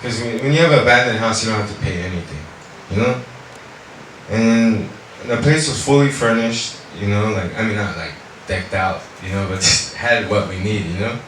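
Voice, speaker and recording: A man tells a personal faith testimony in a lively, conversational way, peppering it with "you know" and switching into Korean now and then. His voice is bright. He is recorded from a distance in a very echoey room with faint background noise. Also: lowish voice, moderate pace. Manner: animated storytelling, heavy on fillers like "you know". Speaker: speaker giving a testimony.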